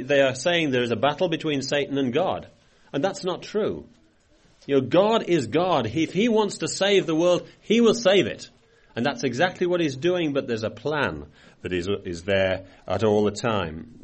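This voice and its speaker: Here an older man with a mid-range voice preaches at a Bible study. His scripture readings rise in emphasis, after which he shifts into loose, conversational commentary marked by restarts.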